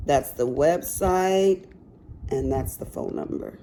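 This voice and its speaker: Woman, craft haul vlogger, has a cough, chatty and exclaiming, slow pace. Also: low-pitched, animated, dark tone, slight background noise. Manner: chatty, exclaiming and talking to viewers. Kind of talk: casual chat.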